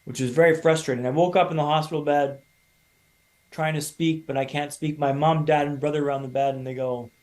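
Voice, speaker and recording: A man in his thirties from Canada, a podcast guest telling his own story in a lively, casual way and acting out other people's lines. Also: fairly high pitch, brisk. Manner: animated storyteller, acts out quoted voices.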